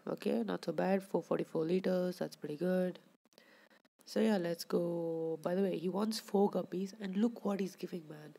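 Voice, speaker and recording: A woman's voice: on the low side, steady tone, moderate pace, vocal fry, warm tone. A woman giving casual commentary over her own gameplay, chatting with viewers and scolding the fish on screen.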